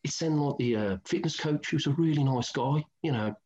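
A man's voice: fairly high pitch, fairly quick. Brummie guy in his middle years spinning footy yarns, acts out who said what, kinda dull lo-fi sound. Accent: Birmingham. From England. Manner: animated, acts out old conversations, colloquial. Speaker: former footballer, interview guest. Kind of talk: candid storytelling interview.

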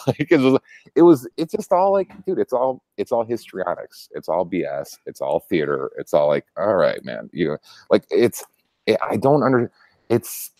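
A young man hosting a casual political chat show, talking in an animated way, laughing often, restarting his sentences and swearing freely. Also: fairly low pitch, normal speed, no room sound. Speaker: show host.

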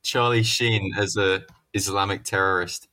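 A man's voice: low voice, steady tone, measured pace, bright, forceful tone, dry recording. A man co-hosting a comedy podcast, irreverent and rambling, swearing with lots of fillers. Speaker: podcast co-host. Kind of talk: casual comedic chat.

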